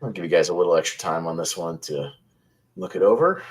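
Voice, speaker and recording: A man's voice: sits low, lively intonation, fast, slight background noise, low-quality recording. A man hosting a horror trivia game, reading each clue twice and counting down. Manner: reads each clue twice, laughs easily. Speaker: quiz host.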